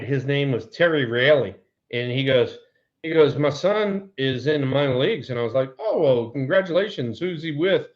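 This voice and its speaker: Animated man telling ballpark stories. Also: medium pitch, dull audio. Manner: animated storyteller, laughs often. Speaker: co-host, former ballplayer. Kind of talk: casual baseball chat.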